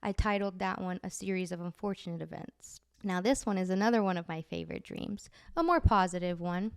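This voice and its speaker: A woman's voice: lowish voice, fairly quick, creaky, clear, resonant tone, dry recording, studio quality. A woman podcast host chattily telling dream stories, full of "like" fillers. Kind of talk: casual storytelling.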